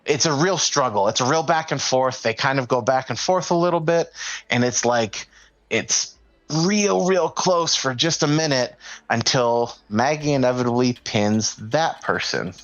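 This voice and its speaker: A man's voice: mid-range voice, measured pace, a bit bright, dull audio. A man narrating a tabletop game as game master, loose and casual with lots of fillers.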